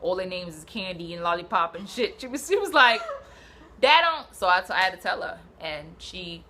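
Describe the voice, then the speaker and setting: Bright-voiced New woman telling a story. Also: on the low side, brisk, slight background noise. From Brooklyn, New York. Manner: animated, swearing, slangy, acts out quotes. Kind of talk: casual storytelling.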